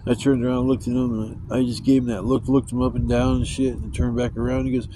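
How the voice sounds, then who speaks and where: A man's voice: medium pitch, flat delivery, brisk, few pauses, noisy background. A man telling rambling, profane stories in a casual vlog. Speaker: vlogger. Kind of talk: casual storytelling.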